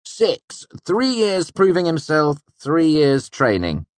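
A man's voice: on the high side, wildly swooping pitch, slow, dry recording, pitched above the performer's own voice, full character voice. A man voicing a young male musician who speaks politely and hedges his answers. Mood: hedging. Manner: hedging, modest.

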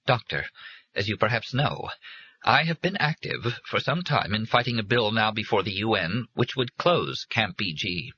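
A man reading aloud, voicing a firm, politically shrewd middle-aged mother who speaks coldly and deliberately. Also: low-pitched, very animated, bright, forceful tone, husky, lo-fi sound, exaggerated voice. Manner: firm and cold, then quavering.

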